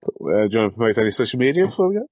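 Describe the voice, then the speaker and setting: A man's voice: medium pitch, big pitch swings, racing, a little mellow, dry recording. A man hosting a casual interview, asking brief friendly questions. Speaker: podcast host.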